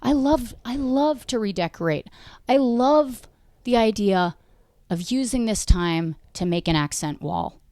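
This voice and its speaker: A woman's voice: on the high side, lively intonation, a little slow, mellow, dry recording. A woman hosting a comedy podcast, rambling through a profane, self-deprecating monologue.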